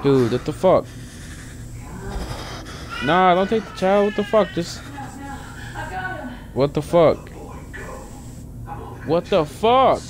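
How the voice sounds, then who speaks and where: A man's voice: high-pitched, expressive, takes it slowly, long pauses, background noise. A young man casually commentating a video game he is playing, joking and swearing as he reacts. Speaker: gaming YouTuber. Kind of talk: casual let's-play commentary.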